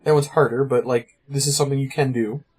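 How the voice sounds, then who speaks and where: A man's voice: mid-range voice, fairly even intonation, darkish tone, slightly rough. A man co-hosting a podcast, chatting casually about card game strategy, full of "like" and "you know". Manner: fast, filler-heavy, lots of "like" and "you know". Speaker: podcast co-host.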